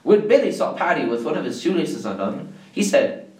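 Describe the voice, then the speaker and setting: High, lively man reading jokes. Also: brisk, reverberant, distant mic, rough recording. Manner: lively, jumps up in pitch for quoted lines. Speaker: joke reader.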